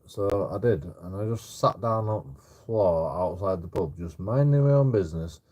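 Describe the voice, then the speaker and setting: A man's voice: low voice, animated, moderate pace, mellow. A man telling a rambling story in casual chat, stammering over repeated words and swearing a lot. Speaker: streamer. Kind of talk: casual anecdote.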